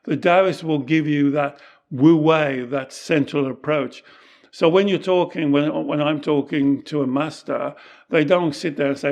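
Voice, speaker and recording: A man's voice: on the high side, moderate pace, creaky, darkish tone. A middle-aged man in a casual teaching conversation, explaining patiently and earnestly, often acting out the lines he quotes. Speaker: Taoist teacher and podcast host.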